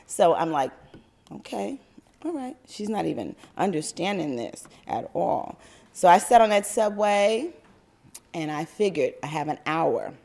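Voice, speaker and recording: Animated older woman storyteller with a lowish voice. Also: unhurried. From New York. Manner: animated, laughing often. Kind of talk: personal storytelling to an audience.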